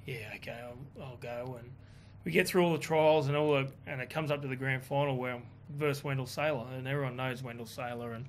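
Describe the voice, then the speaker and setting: A man telling a story in a casual chat, animated and swearing, quoting others in his own voice. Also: mid-range voice, fast, few pauses, a little hiss or hum. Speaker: guest.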